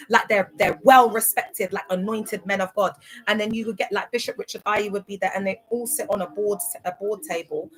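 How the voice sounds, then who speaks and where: A woman's voice: medium pitch, a bit bright, rough recording. A young woman hosting a casual livestream, telling her story in an emphatic, chatty way and often checking that listeners follow. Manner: chatty, emphatic, keeps asking "do you get it?". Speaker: livestream host.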